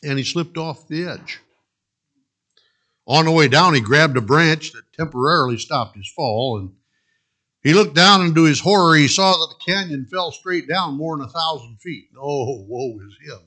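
A man's voice: on the high side, expressive, normal speed, bright, forceful tone. A man preaching a sermon, earnestly exhorting the congregation and telling a parable. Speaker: pastor.

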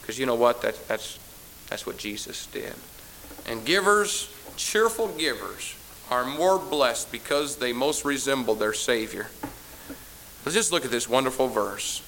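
A man's voice: mid-range voice, expressive, measured pace, fairly bright tone, slight background noise, low-quality recording. Emphatic, sarcastic preacher man. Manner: emphatic, teasing sarcasm, repeats phrases for effect. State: tired. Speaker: pastor. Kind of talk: sermon.

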